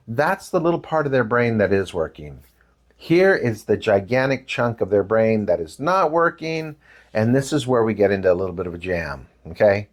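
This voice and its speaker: Older man presenter, mid-pitched, animated storyteller posing questions to parents. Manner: animated storytelling with acted quotes; addresses audience with questions. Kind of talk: parent education talk.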